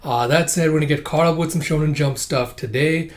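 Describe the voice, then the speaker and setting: A man hosting a manga read-through channel, chatting casually and starting most phrases with "uh". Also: brisk. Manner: filler-heavy, starts lines with "uh"; voices characters with big pitch jumps when reading dialogue. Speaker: manga reading channel host.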